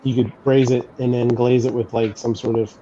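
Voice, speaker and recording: A man's voice: mid-range voice, little pitch movement, moderate pace. A man who cooks at a restaurant, chatting casually and rambling with many fillers. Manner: rambling, hedges with lots of fillers. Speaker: restaurant cook. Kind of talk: casual chat. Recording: muffled lo-fi line with faint noise.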